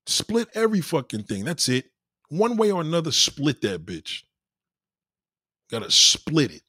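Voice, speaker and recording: A man's voice: a little high, wildly swooping pitch, unhurried, sharp tone, breathy edge, no echo, studio quality. A man giving a blunt, profane opinion rant in a casual way, breaking off now and then to act out other people. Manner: acts out quoted people in varied voices.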